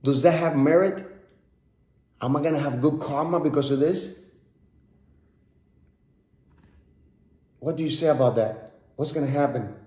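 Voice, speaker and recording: A man's voice: on the high side, fairly quick, dark tone, lightly acted. A man voicing a proud, powerful emperor who demands answers, in an echoey room. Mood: pleading. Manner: pleading then indignant questions. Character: proud powerful male emperor seeking praise.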